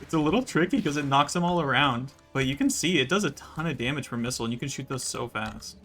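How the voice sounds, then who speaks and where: A man giving relaxed, rambling commentary over his gameplay, with many fillers. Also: medium pitch, quick pace. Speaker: gaming YouTuber.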